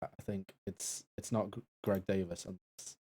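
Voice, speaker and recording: A man co-hosting a charity game stream, making dry puns with hesitant, halting delivery. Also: sits low, steady tone, mellow. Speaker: co-host and assistant. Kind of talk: casual live-stream banter.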